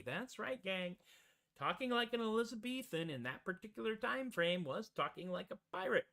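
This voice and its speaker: High, bright-voiced man joking between songs. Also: lively intonation, moderate pace, creaky. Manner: rambling, jokey, self-mocking asides. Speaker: host and musician. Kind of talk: casual chatty stage patter. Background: ukulele.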